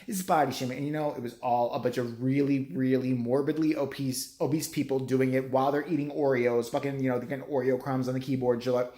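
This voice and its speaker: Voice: mid-range voice, fast, hardly any pauses, a little mellow. Sarcastic middle-aged vlogger ranting. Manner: sarcastic, profane, rambling. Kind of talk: profane rant. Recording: roomy echo.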